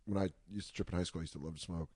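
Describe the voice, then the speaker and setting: A man's voice: deep voice, steady tone, rapid-fire, dark tone, slightly rough, dry recording. A man telling a rambling, profane story in casual podcast banter. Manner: rambling, profane, does voices in anecdotes.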